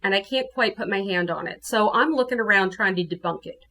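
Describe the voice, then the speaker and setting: A woman from New Orleans, a guest telling her ghost story in casual, animated talk. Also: mid-range voice, fairly quick. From New Orleans, USA. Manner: animated, acts out her own quotes.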